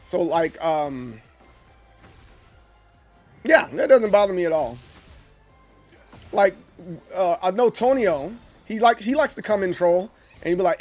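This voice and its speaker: In a relaxed live-stream chat with his viewers, this high-pitched Southern US man talks animatedly, stumbling and restarting and acting out quoted voices. He speaks at a measured pace, pausing often, with faint music behind him.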